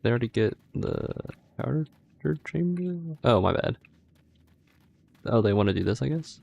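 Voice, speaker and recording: A man's voice: lowish voice, moderate pace, gravelly, a little mellow, lo-fi sound. A man casually narrating his moves while streaming a game, tired and mumbling as he plays. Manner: mumbled play-by-play, trailing off. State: sleepy. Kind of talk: casual gaming livestream commentary.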